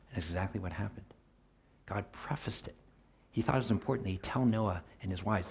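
A middle-aged man preaching a sermon in an earnest voice, swinging from loud emphasis to soft near-whispered asides. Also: on the low side, brisk, breathy edge.

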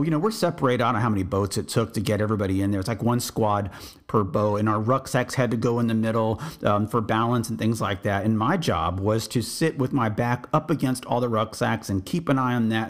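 A man from Texas, an army veteran hosting a podcast, telling his service memories in a reflective, meandering way with frequent restarts. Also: fairly low pitch. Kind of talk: storytelling memoir.

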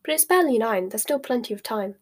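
A gentle, motherly middle-aged woman who calms everyone with patient reassurance, as a woman reading a storybook puts her on. Her voice sits fairly high and soft. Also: fast talker, husky. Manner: soothing, gentle.

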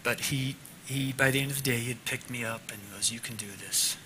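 A man teaching a class devotional in an earnest way, moving from loud teaching to a hushed prayer. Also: mid-range voice, steady tone, brisk, slight background noise.

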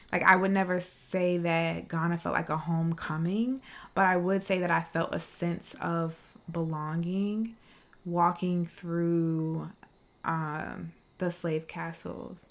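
Brief: woman from South Carolina, slightly low voice, earnest reflective guest. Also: vocal fry, fairly bright tone. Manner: reflective, earnest personal account. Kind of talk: casual discussion.

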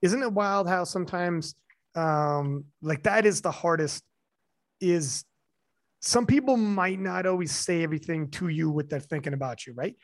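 A man in his forties tells a personal story in a loose, candid chat, swearing freely and not hiding his feelings. His voice sits a little high for a man. The recording is close and dry. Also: normal speed, no echo. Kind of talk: casual chat.

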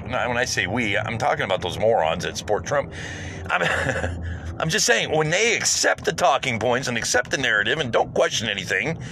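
A man's voice: mid-range voice, bright, forceful tone, a little hiss or hum, low-quality recording. A man with a Southern twang, ranting profanely in a rambling political vlog while driving. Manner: profane, rambling, repeats words. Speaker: vlogger. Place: in a car on the road.

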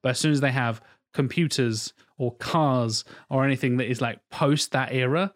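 A man's voice: mid-range voice, moderate pace. A man co-hosting a casual podcast chat, rambling with many fillers and the odd swear. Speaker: podcast co-host.

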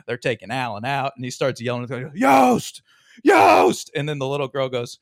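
A man's voice: mid-range voice, steady tone, fast talker, no echo, studio quality. A man co-hosting a sports podcast in casual chat, retelling funny movie scenes and laughing as he goes. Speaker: podcast co-host.

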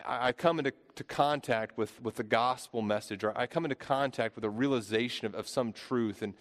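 A man's voice: medium pitch, fairly quick. A man in his thirties preaching a sermon, earnest, often repeating and restarting phrases. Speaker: pastor. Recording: long hall reverb.

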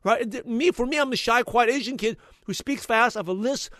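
Male podcast host, high voice, very fast, energetic motivational delivery, dry close sound. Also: no room sound. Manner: energetic, motivational, talks fast when passionate. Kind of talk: enthusiastic podcast recap.

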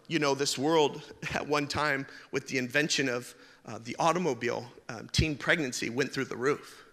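A man's voice: a little high, fairly bright tone, in a large hall. A man preaching a sermon, mixing jokes and everyday stories into his message in a conversational way. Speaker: pastor.

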